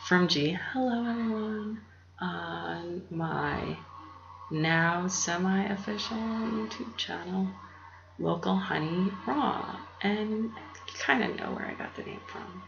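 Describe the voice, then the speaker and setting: A woman hosting her own channel, rambling in a soft, half-whispered, meandering way and laughing often, recorded on a laptop. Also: fairly low pitch, gravelly. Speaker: YouTube channel host. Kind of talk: rambling casual monologue. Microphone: laptop mic. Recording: roomy, dull lo-fi with faint hum.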